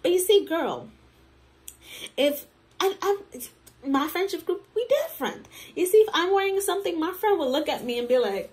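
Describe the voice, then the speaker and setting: Lively, high-voiced woman commentator. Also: a little fast. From Jamaican heritage. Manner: animated, laughing, acts out friends in quoted voices. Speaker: commentary host. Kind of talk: casual reaction commentary.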